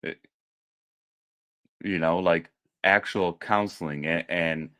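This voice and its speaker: A man co-hosting a podcast in casual chat, speaking earnestly and thoughtfully with halting restarts. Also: low-pitched, sharp tone. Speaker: podcast co-host.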